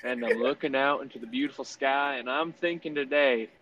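A man voicing a folksy male farmer with a put-on Southern US accent and a slow drawl, musing from a tractor cab. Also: medium pitch, a bit bright, highs cut off, slight background noise, lightly acted.

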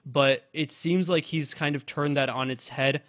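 Casual college radio podcast host, dry sound. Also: male voice, fairly high pitch, steady tone, unhurried, fairly bright tone, no echo. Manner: loose and conversational, many fillers and restarts. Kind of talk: casual podcast chat about music.

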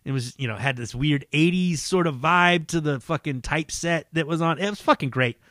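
A man's voice: on the high side, fairly quick, bright, forceful tone, no echo, studio quality. A man hosting his own podcast, talking casually in a rambling, heavily profane and enthusiastic way. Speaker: podcast host. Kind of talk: casual solo podcast talk.

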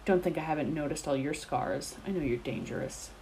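A cold, defiant teenage wizard boy hurls accusations with contempt, as a woman reader puts him on. The voice sits low and dark, with a mellow, unhurried weight. It comes from a storybook reading. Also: animated, gravelly, a little hiss or hum, rough recording. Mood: cold, accusing.

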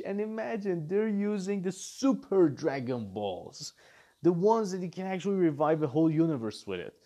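A man giving casual reaction commentary on a manga chapter, animated and incredulous, firing off rhetorical questions as he rants. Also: a little high.

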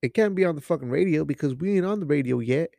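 A man's voice: on the high side, animated, fast, vocal fry, mellow, dry recording. A young man hosting a casual podcast, talking in a loose, rambling way with lots of swearing and bits of Spanish. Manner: loose, profane, rambling, drops Spanish phrases. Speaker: podcast host.

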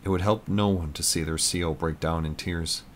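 A man with a deep, low voice reads a story aloud in a measured, plain way. A faint hiss sits under the narration. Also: fairly even intonation. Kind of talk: audiobook narration.

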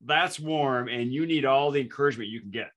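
A man's voice: mid-range voice, fairly quick, a bit bright. A man hosting a casual interview, asking chatty follow-up questions. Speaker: host.

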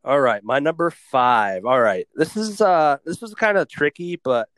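A man's voice: on the high side, animated, a little slow, a bit bright, no room sound. A man co-hosting a casual podcast, teasing his friends and rambling through his picks. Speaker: podcast co-host.

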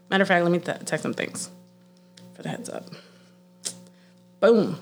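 Casting: young woman, low voice, blunt, profane, casual podcast chat. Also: moderate pace, a little mellow, soft background music. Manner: blunt, swears often, laughs a lot.

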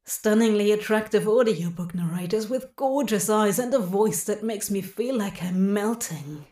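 A woman's voice: medium pitch, normal speed, dark tone, lightly acted. A woman reading a story aloud and voicing an awkward, flustered young man who mumbles and hesitates. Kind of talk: fanfic audiobook reading.

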